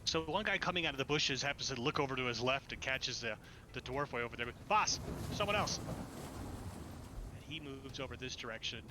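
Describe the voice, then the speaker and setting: A man narrating as game master in an online tabletop session, relaxed and muttering to himself between descriptions. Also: mid-range voice, fast talker, background noise. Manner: relaxed, mutters to himself while moving tokens.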